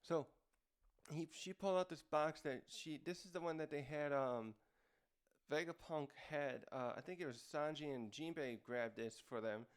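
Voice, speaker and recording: Hosting an informal manga review, this man improvises as he goes, rambling and often restarting or filling pauses. He sounds a bit high, clear and resonant, at a normal speed.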